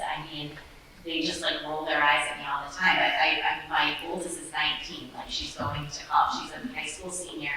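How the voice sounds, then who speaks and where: A woman's voice: low-pitched, slight background noise. A woman in her forties moderating a community panel, candid and chatty. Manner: candid, chatty, animated when quoting. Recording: echoey hall from far off.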